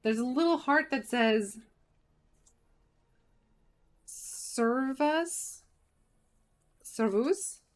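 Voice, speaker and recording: A woman streaming a game, chatting casually and asking herself rhetorical questions. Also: fairly high pitch. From United States. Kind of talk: casual livestream chat while gaming.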